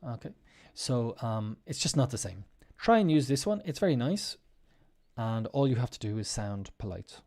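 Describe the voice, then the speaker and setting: Mellow-voiced male English teacher. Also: medium pitch, big pitch swings, normal speed. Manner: explains patiently, repeating example phrases with strong intonation. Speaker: podcast host. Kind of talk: casual spoken lesson.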